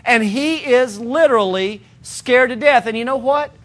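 A male pastor delivers a sermon in an easy, conversational manner, mixing humor with emphatic repetition. His voice sits very high for a man and rings bright and forward. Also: normal speed.

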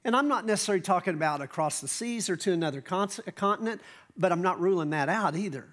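A male pastor, giving a conversational sermon with asides and slow emphatic phrases. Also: high-pitched, expressive, fairly bright tone. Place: church stage.

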